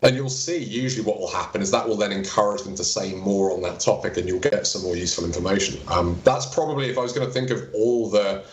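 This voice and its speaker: A man with a lowish voice answers an interviewer's question about his practice. He lays out his technique step by step and acts out short exchanges with patients. The room around him is echoey. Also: quick pace, hardly any pauses, slight background noise. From England. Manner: practical, explains with quoted examples. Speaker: chiropractor.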